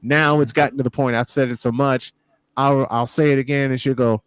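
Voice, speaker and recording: A man's voice: medium pitch, normal speed, smooth, dry recording. A man on a podcast hangout, telling family stories in casual chat and acting out the quotes. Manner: animated storyteller who acts out quotes. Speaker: podcast panelist.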